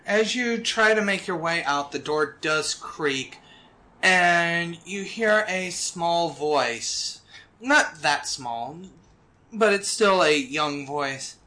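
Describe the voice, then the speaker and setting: A game master narrating an improvised tabletop role-playing scene in a relaxed, descriptive way with casual fillers. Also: mid-range voice, takes it slowly.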